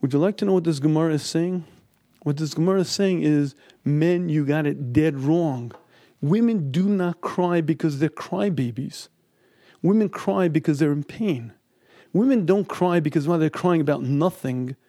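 A middle-aged man gives an emphatic Talmud lesson, his voice a touch higher than most men's but mellow and warm. He is recorded close and dry, with no room sound. He drops into quoted voices to make his points. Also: normal speed, no echo. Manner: emphatic, acts out quoted speech. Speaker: Talmud teacher. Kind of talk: lecture on Talmud and marriage.

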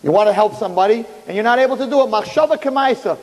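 A man telling a religious story in an animated, dramatic way. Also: sits high, very fast. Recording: echoey hall.

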